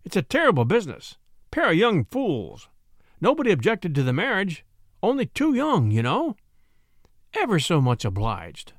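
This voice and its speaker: A man's voice: sits high, huge pitch swings, moderate pace, no room sound, studio quality, heavily acted. A man reading a story who voices a worried elder brother chasing runaways, urgent and breathless. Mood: relieved.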